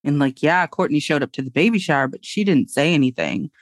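A young woman chatting as a podcast guest, blunt and quick to laugh. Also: low voice, no room sound, studio quality. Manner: blunt, laughing, emphatic agreement. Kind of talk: casual chat.

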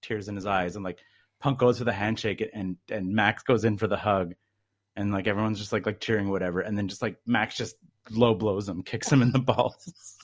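A man's voice: lowish voice, steady tone, moderate pace. A man telling a long story in casual chat, rambling with lots of fillers.

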